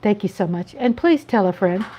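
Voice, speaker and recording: A woman's voice: medium pitch, animated, moderate pace, mellow. A woman hosting a casual livestream, chatty and playful, drawing out her greetings to viewers. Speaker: livestream host. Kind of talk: casual live-stream chat.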